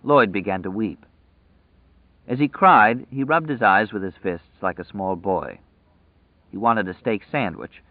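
A man with a fairly low voice reads a novel aloud in a measured, dramatic way. The recording is dry with no room sound and has a thin, phone-like tinniness. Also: expressive, no room sound. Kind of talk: audiobook narration.

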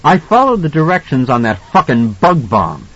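A man voicing a grim, blunt father who speaks in a husky, matter-of-fact way. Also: medium pitch, big pitch swings, moderate pace, fairly bright tone, no room sound, dull audio, pitched above the performer's own voice.

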